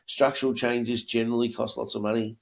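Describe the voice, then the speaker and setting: An Australian co-host with a cold, sounding croaky and nasal, talking in a laid-back, matey way. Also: male voice, mid-range voice, little pitch movement, fairly quick. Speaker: podcast co-host. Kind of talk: casual conversational podcast.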